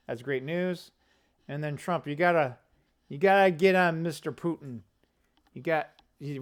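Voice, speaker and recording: Animated man ranting off the cuff. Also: fairly high pitch, clean tone. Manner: rambling, opinionated, fast asides and self-corrections. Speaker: political commentary channel host. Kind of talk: casual political commentary vlog.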